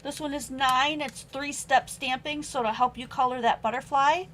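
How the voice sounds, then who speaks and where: A woman's voice: sits high, fairly even intonation, moderate pace, a bit bright, a little hiss or hum, poor audio. A young adult woman hosting a live-streamed craft supply sale at home, chatting as she reads out stamp sentiments and prices. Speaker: online craft sale host. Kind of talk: live-stream sales chat.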